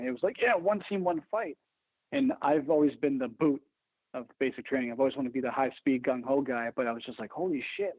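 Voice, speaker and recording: A man's voice: medium pitch, no echo. A man talking as a podcast guest in casual chat, intense and self-deprecating, swearing often. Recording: tinny phone-like line.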